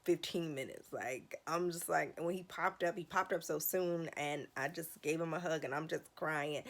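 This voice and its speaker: Woman vlogger, low voice with heavy fry, emotional rambling storyteller. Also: steady tone, moderate pace. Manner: emotional, rambling retelling with restarts. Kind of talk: casual story time.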